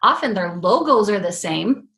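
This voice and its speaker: A middle-aged woman hosting a podcast, telling a casual story in a lively way and acting out the voices of the people she quotes. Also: medium pitch, normal speed, vocal fry. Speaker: podcast host.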